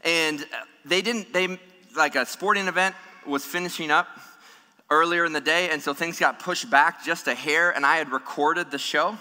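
A man preaching a sermon as pastor, animated and humorous, acting out the voices of people in the story. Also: a little high, moderate pace. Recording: long hall reverb.

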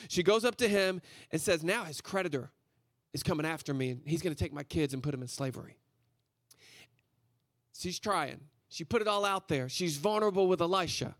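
Casting: male preacher, light high voice, lively and slangy, close dry sound. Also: dry recording. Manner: casual, energetic, slangy storytelling. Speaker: guest preacher. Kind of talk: conversational sermon.

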